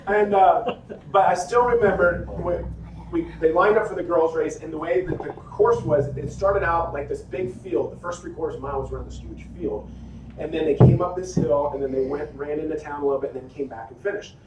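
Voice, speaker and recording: A pastor telling a lively personal story in a sermon, acting out his own quotes. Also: fairly high pitch, fairly quick, recorded from a distance. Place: church hall. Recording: echoey hall, faint noise.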